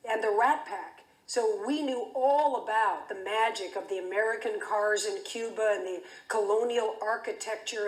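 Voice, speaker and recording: Woman telling a dramatic story. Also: on the high side. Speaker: keynote speaker. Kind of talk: storytelling speech. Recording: echoey hall.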